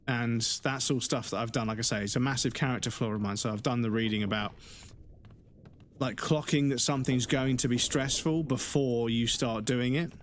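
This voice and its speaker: A man's voice: medium pitch, moderate pace, a little hiss or hum. A man chatting frankly and rambling as he streams a game, swearing heavily. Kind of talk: casual chat while gaming on a livestream.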